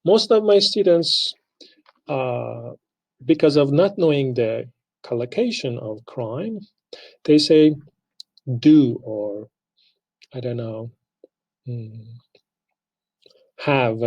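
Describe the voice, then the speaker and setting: Male instructor, unhurried lecture delivery, creaky gravelly tone. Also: mid-range voice, expressive, darkish tone, rough recording. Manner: slow, deliberate, spells out pronunciations. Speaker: English language instructor. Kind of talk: recorded lecture.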